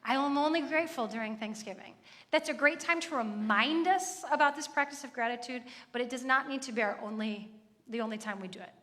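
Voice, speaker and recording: A woman in her thirties, a church speaker, delivers a conversational sermon that is chatty and earnest, full of asides. Her voice is a little high, with a brisk pace and sharp tone, echoing in a hall.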